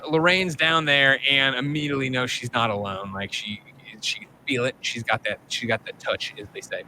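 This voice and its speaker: A man in his thirties, a podcast host, recapping a movie in casual chat with animated, profane storytelling. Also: medium pitch, normal speed, a little hiss or hum, rough recording.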